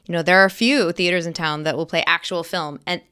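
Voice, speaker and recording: A woman's voice: lowish voice, steady tone, quick pace, sharp tone, clean tone. A woman actress talking as an interview guest in casual, enthusiastic, emphatic chat. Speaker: guest actress and accent coach.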